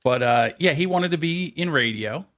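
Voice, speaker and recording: A man's voice: fairly high pitch, animated, a bit bright. A man co-hosting a podcast, reminiscing in a casual chat. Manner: chatty, quick reminiscing. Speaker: podcast co-host.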